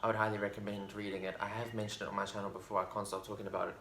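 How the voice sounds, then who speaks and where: A man's voice: lowish voice, flat delivery, rapid-fire, fairly bright tone. Rambling man in an echoey room. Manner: rambling, enthusiastic, full of fillers and restarts. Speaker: book vlogger. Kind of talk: casual book review chat. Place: room at home with a bookshelf. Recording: roomy echo, faint background noise.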